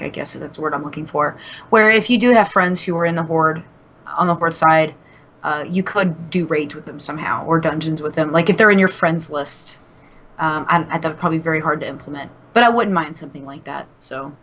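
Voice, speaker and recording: Brief: bright woman podcast co-host, casual, rambling, loose-mouthed. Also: low-pitched, fast. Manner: rambling, with fillers and restarts, swears casually.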